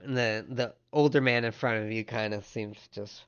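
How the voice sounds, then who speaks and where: A man's voice: medium pitch, fairly even intonation, moderate pace, lo-fi sound, noisy background. A man narrating as game master of a tabletop game, stumbling and restarting as he describes the scene. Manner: stammering restarts while narrating.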